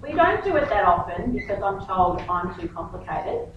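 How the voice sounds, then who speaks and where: Woman pastor, middle-aged, animated storyteller, muffled distant recording. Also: medium pitch, normal speed, very noisy. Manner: animated storytelling, acts out dialogue. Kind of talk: sermon with personal stories. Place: church hall. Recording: echoey hall, distant mic, muffled.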